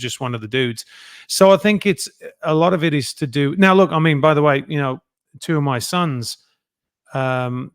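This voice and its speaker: A man's voice: medium pitch, a bit bright, clear, resonant tone, dry recording, studio quality. A man in his fifties with an English Midlands accent, a guest talking candidly and self-deprecatingly in a casual interview. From England, near Birmingham. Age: 50s. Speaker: guest, actor.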